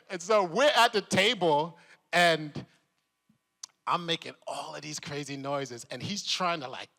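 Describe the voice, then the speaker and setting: Man, convention panel guest, bright voice, lively storytelling, reverberant hall. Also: on the high side, takes it slowly, gravelly. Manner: animated, laughing, acts out voices.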